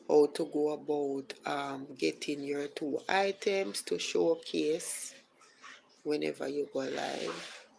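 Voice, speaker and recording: A Jamaican woman hosts a live stream, walking through each step slowly. Her voice sits low and has a gravelly edge. A faint hiss runs underneath. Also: darkish tone, poor audio. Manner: unhurried explaining, greets viewers by name. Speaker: podcast host. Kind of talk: casual live-stream chat.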